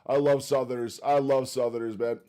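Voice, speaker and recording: A man's voice: mid-range voice, flat delivery, brisk. A man from the United States hosting a casual live stream, chatting with viewers by name, laughing often as he reacts to music. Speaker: streamer host.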